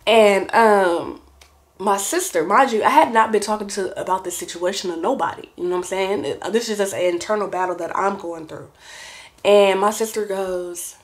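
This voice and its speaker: A woman's voice: mid-range voice, normal speed. A woman in her twenties telling a personal story to camera in a slangy, chatty way, often turning to the viewer directly. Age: 20s. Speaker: vlogger.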